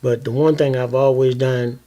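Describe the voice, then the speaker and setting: Older man, animated fatherly storyteller. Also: medium pitch, normal speed. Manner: animated storyteller, peppers speech with "man" and "you know"; acts out other people's voices in his stories. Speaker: father telling his life story. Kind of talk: casual storytelling conversation.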